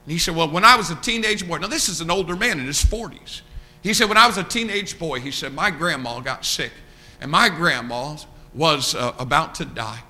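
A man's voice: a little high, animated, fairly quick, sharp tone. A man preaching a sermon, repeating key lines and swelling suddenly in volume.

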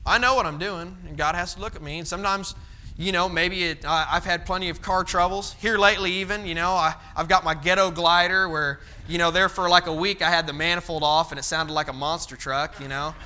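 A man's voice: high voice, steady tone, fairly quick, pushed and bright. A young man preaching a folksy sermon, telling stories and acting out his father's stern voice. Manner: folksy, storytelling, acts out his dad's stern voice.

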